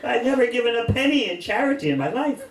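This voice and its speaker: An older man tells stories in a sermon, with a lively, swinging pitch. He sounds distant from the microphone, in an echoey temple hall with a faint hiss in the background. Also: fast talker. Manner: animated anecdotes, laughing audience. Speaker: monk giving a class. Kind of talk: storytelling sermon. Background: audience laughter.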